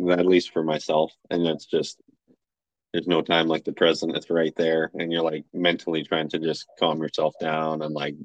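A man's voice: extremely low pitch, no room sound. A man hosting a podcast in casual interview chat, laid-back and filler-heavy. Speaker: podcast host. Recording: dry, dull lo-fi podcast audio.

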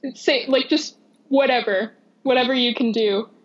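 A woman chats casually about films with a friend, laughing often and doubling back on her sentences. Her voice sits a bit high. The recording is muffled and lo-fi. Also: steady tone, moderate pace. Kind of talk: casual movie discussion.

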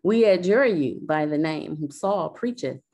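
A woman reading Bible verses aloud in a slow, measured way. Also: low voice, animated, warm tone. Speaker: scripture reader.

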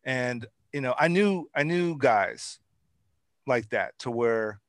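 A man with a medium-pitched, lively, fairly bright voice takes his time, recorded dry in studio quality. Hosting a casual interview, he talks in long, repetitive runs and builds each point through lists of items.

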